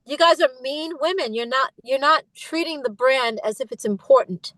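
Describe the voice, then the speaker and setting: In a candid interview, a middle-aged woman guest speaks at a moderate pace in a high, fairly bright voice, emphatic and full of passion. She mimics other people when repeating their words. The recording has no echo but is low quality.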